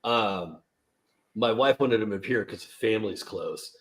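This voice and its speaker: A man's voice: on the low side, measured pace. A man on a live-stream panel, telling stories in a rambling way with lots of fillers. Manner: rambling storyteller, many fillers. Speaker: panel guest. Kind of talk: casual live-stream chat.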